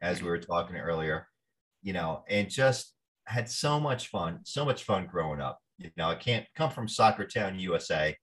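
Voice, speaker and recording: Animated New man telling stories. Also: low-pitched, moderate pace. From New Jersey. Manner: animated storyteller, acts out quoted voices. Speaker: actor guest. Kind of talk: storytelling interview.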